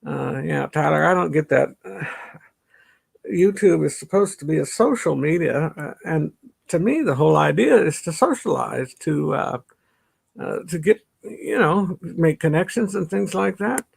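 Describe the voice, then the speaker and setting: His voice is a little high, gravelly and husky, expressive and unhurried, with slight stuffiness from allergies. A middle-aged livestream host from Chicago's northern suburbs, he chats casually, reading comments, laughing often and greeting viewers by name.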